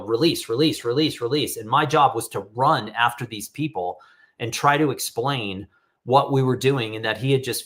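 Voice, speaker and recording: A man's voice: medium pitch, a bit bright. A middle-aged man talking casually and candidly on a live stream, reading out audience questions and giving feedback on photos. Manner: candid, rambling, reads audience questions aloud. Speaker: photographer hosting live critique.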